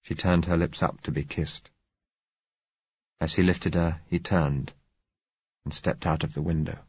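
A man narrating a novel in first person, in a measured, reflective way. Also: low-pitched, steady tone, slightly rough, dry recording, highs cut off. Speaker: audiobook narrator.

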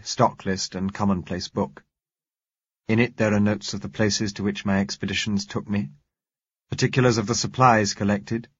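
Male audiobook narrator, measured and plain, husky tone, lo-fi. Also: fairly low pitch, dry recording. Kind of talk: scripted narration. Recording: dull lo-fi, dry.

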